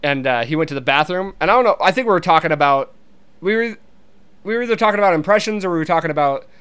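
A man's voice: fairly high pitch, lively intonation, fast, a bit bright, clear, resonant tone. A young man talking casually and rambling, with frequent swearing and restarts. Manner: rambling, swears, many restarts, laughs easily. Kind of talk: casual monologue.

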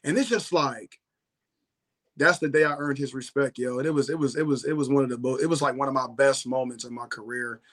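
A young man, a former football player, telling stories in a slangy, animated way, saying "bro" and "yo" constantly. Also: mid-range voice, brisk. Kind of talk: casual storytelling chat.

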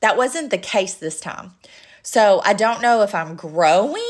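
A woman's voice: fairly high pitch, moderate pace. Earnest woman talking to listeners. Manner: earnest, repeats points for emphasis. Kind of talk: personal talk to listeners.

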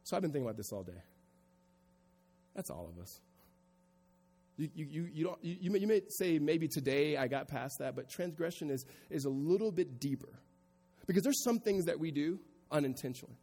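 A pastor preaching a sermon to a congregation, moving from quiet reflection to raised, emphatic delivery. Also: male voice, fairly high pitch, lively intonation, brisk, husky, long reverb tail. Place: church sanctuary before a congregation.

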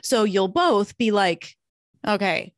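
A woman guest in a casual interview who talks in an animated, playful way and acts out her examples. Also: mid-range voice, a little slow, no room sound, clean studio sound.

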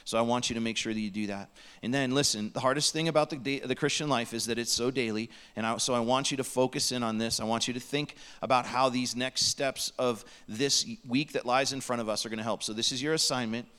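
A man's voice: mid-range voice, fairly even intonation, fast talker, few pauses, pushed and bright, clean tone. A man preaching a sermon in a church, earnest and pleading, sometimes dropping to a near whisper. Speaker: pastor. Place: church sanctuary.

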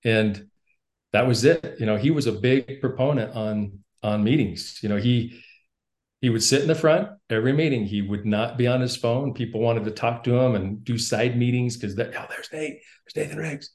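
A man who is a podcast guest, telling a story in casual conversation. He is animated, laughs often and repeats words as he starts his sentences. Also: mid-range voice, moderate pace.

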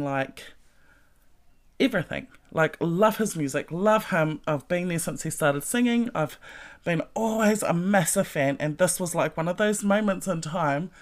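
A woman in her forties telling a story in a casual vlog, swearing freely and often breaking into laughter. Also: low-pitched. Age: 40s. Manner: profane, laughing, animated storytelling. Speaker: vlogger.

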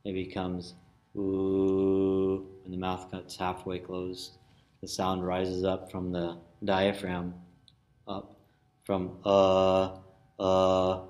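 A man teaching a lesson, explaining word roots slowly with many pauses and restarts. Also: deep voice. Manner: slow and searching, many fillers and restarts; chants Sanskrit verse loudly in a sung tone. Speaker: yoga philosophy teacher. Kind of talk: lesson with call-and-response chanting.

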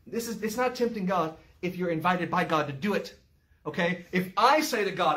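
Animated high-voiced male Bible teacher. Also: moderate pace. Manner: animated, emphatic, with sarcastic asides. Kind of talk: verse-by-verse Bible study lesson. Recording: roomy echo, mic far off.

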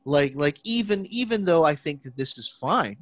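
A young man who studies theology rambles through a casual podcast chat in a voice on the high side, at a moderate pace, with no room sound. He's full of restarts and fillers and gets animated when quoting people. The recording is dry and slightly dull.

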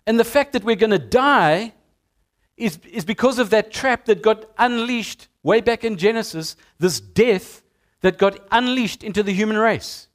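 A middle-aged man, preaching a sermon as a pastor in an animated storytelling way. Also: high-pitched, measured pace. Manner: storytelling, animated with acted-out sounds.

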